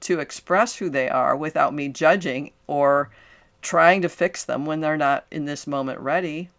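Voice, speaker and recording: An older woman, a coach and podcast host, giving a solo talk to the audience in an earnest, animated way, with affirming asides and frequent restarts. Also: low voice, unhurried.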